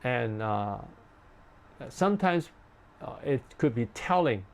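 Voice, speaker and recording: A man, a pastor, is leading a ministry training session in an ordinary middle pitch. He speaks in simple, repeated phrases and pauses often on "uh." Now and then he acts out gentle, polite questions that one spouse might ask another. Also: animated. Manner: simple repetitive phrasing with frequent "uh" fillers.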